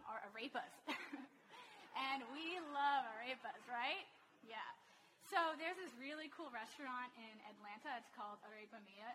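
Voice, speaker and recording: A woman's voice: high voice, slight background noise, low-quality recording. A woman preaching a sermon to a congregation, speaking in a conversational way and often putting questions to the listeners. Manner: animated, conversational, asks the audience questions. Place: church hall with a congregation.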